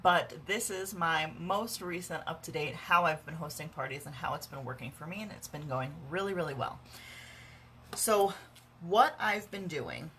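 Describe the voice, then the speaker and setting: A woman's voice: low-pitched, moderate pace, fairly bright tone, slight background noise. Sarcastic chatty woman vlogging tips. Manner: sarcastic, dry humor, chatty with many fillers. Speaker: direct sales consultant. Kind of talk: casual instructional vlog. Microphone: phone camera.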